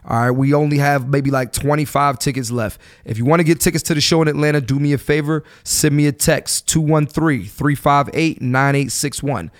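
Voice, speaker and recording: A man's voice: fairly quick, hardly any pauses. Blunt, profane podcast host man in his thirties. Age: 30s. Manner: animated, voice jumps up high when fired up; blunt, swears freely, slangy street talk. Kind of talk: solo podcast rant, casual and profane.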